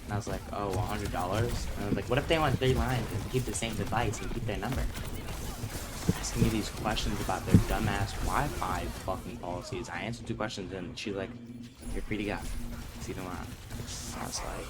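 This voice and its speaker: A man's voice: on the low side, fairly quick. A young man casually telling a storytime vlog, swearing freely and acting out the people he quotes. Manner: profane, animated retelling with quoted voices. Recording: music playing clearly behind.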